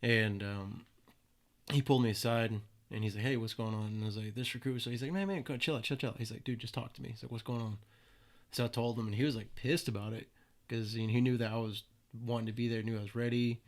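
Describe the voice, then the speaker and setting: Quick-paced and level in tone, his lowish voice drives a casual storytelling interview. He's a young, laid-back podcast guest who swears a lot and dramatizes the voices in his quotes.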